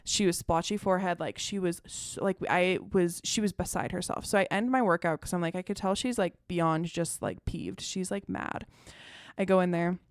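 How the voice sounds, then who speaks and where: A young woman, a podcast co-host, tells a family story in casual chat, full of "like" fillers, getting animated as she quotes her child. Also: on the low side, normal speed, no echo, clean studio sound. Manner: chatty, many "like" fillers, animated when quoting her child.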